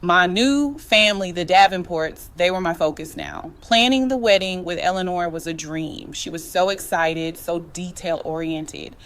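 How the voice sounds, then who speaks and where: Woman w/ slightly low voice, african american english, storytime chat, says girl and chile a lot. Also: normal speed, few pauses, a bit bright, clean tone. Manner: conversational, uses slang like chile and girl. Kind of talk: first-person storytelling.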